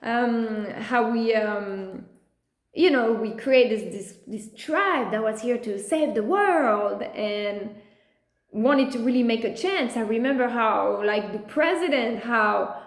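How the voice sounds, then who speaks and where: A woman with a fairly high voice talks passionately and casually to her camera, stopping often to act out what others say. Her voice rings in an echoey room. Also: animated, slow. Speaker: video creator.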